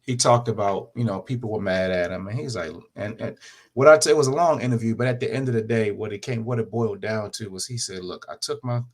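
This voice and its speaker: Man, low voice, measured, thoughtful, casual discussion.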